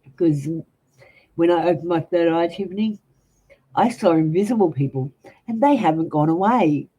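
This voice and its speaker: Reading tarot cards live for her viewers, this Australian woman talks in a warm, breathy voice on the low side at normal speed. Her chat is blunt and casual, yet delivered with a polished announcer's style.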